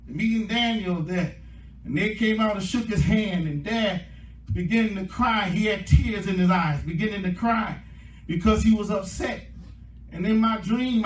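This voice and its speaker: A male pastor preaching a sermon, his delivery swelling into impassioned shouting as the congregation answers him. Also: high voice. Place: church sanctuary. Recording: echoey church room from a distance with faint music.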